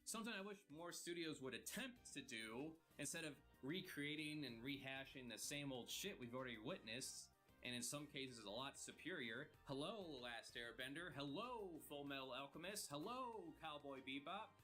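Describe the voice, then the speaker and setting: A man's voice: medium pitch, moderate pace, pushed and bright, soft background music. A man hosting his own channel, giving sarcastic, profane commentary while he makes art. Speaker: channel host. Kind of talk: commentary over art making.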